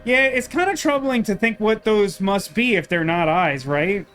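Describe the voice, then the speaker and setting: High-voiced joking game streamer. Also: male voice, fairly bright tone, clear, resonant tone. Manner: chatty, joking, quick asides. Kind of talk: casual game commentary.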